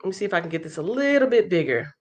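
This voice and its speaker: A woman's voice: lowish voice, big pitch swings, very fast. Congested woman hosting a livestream. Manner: chatty, thinking aloud with fillers. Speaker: livestream host. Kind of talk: casual livestream walkthrough.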